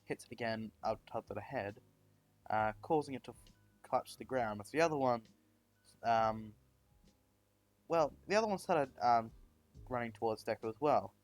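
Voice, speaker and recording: A man narrating a fan-made story at an ordinary middle pitch. He rambles along with plenty of "um" and "well" and frequent restarts, over soft background music. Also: animated, normal speed, pauses often, dry recording. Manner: rambling, many fillers and restarts.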